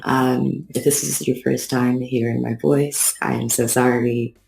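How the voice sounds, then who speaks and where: A woman's voice: a bass voice, level tone, unhurried, creaky, a little mellow, echoey room, poor audio. A woman co-hosting a podcast, talking casually with dry, self-deprecating wit. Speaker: podcast co-host.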